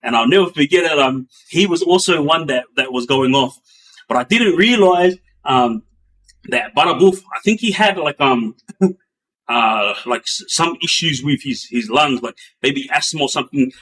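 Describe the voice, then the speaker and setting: A man telling a story in a loose, rambling way, with many fillers and restarts, acting out the action with bangs and booms. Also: moderate pace. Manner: animated, acts out sounds with bangs and booms. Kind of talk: casual spoken storytelling.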